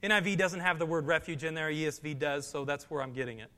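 High-voiced preacher in an echoing hall. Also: male voice, fairly even intonation, fast talker, pushed and bright. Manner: preaching with rising emphasis, reads scripture aloud. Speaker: pastor. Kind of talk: sermon. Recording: long hall reverb.

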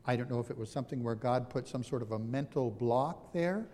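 A man's voice: medium pitch, a little fast, darkish tone, long reverb tail, slight background noise. A man preaching a sermon in a conversational, self-deprecating storytelling manner.

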